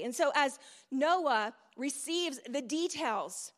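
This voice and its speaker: A woman's voice: high-pitched, lively intonation, unhurried, bright, forceful tone. A middle-aged woman preaching a sermon in a conversational storytelling way, with asides to the audience. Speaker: speaker at a church event. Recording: long hall reverb.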